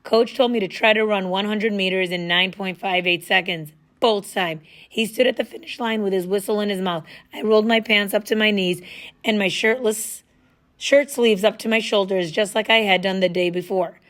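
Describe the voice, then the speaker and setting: A woman reading a first-person story aloud in a casual, lively storytelling manner. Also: mid-range voice, normal speed. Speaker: audiobook narrator.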